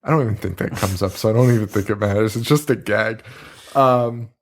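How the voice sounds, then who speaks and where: A man's voice: fairly low pitch, fairly quick. A man co-hosting a podcast, chatting casually about a movie, swearing freely and acting out scenes. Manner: animated, swears freely, acts out scenes with silly voices. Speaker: podcast co-host. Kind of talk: casual movie review chat.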